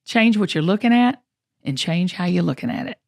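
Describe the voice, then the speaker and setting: A woman's voice: fairly low pitch, animated, a little fast, gravelly. A woman host, talking earnestly and encouragingly on her show. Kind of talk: podcast conversation.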